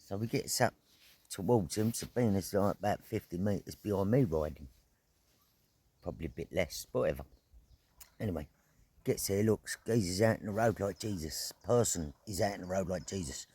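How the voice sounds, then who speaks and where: A middle-aged man vlogging outdoors at an evening camp, telling a story in a casual, animated way, full of slang, swearing and sound effects. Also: sits low, normal speed, breathy edge.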